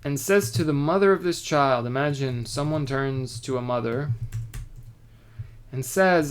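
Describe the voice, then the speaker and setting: A man who teaches a relaxed text-study lesson. He reads verses in Hebrew and Aramaic aloud, then explains them in a loose style with asides. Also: mid-range voice, normal speed. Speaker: Torah teacher.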